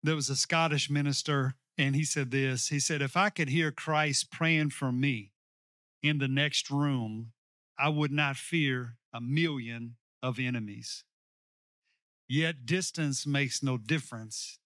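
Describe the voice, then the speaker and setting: A male pastor preaching a sermon, slowing down to stress key lines and calling on the congregation to repeat after him. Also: medium pitch, fairly even intonation, fairly bright tone, dry recording, studio quality. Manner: preaching with call-and-response to the congregation.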